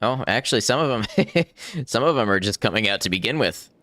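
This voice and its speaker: A man's voice: mid-range voice, lively intonation, brisk, fairly bright tone, no echo. A man casually commenting on his game as he plays, thinking aloud and chuckling often. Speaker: gaming streamer. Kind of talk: casual let's-play commentary.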